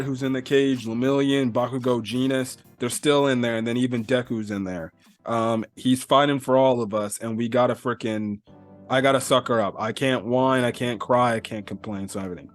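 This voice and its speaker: A man's voice: medium pitch, steady tone, moderate pace, faint music behind. A man casually recapping a comic chapter in a rambling way, full of fillers and the odd swear word. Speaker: manga reviewer.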